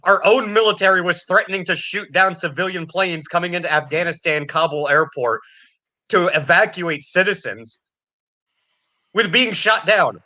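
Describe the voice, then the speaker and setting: A man's voice: high-pitched, moderate pace, bright, forceful tone. A man ranting angrily and sarcastically about politics, swearing constantly. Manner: angry, profane, sarcastic ranting. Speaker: podcast co-host.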